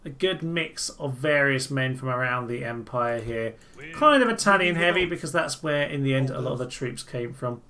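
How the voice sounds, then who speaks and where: A man's voice: medium pitch, expressive, moderate pace, bright, forceful tone. A man giving enthusiastic, jokey and rambling commentary as he plays a strategy game. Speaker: let's-play host. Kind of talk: gameplay commentary.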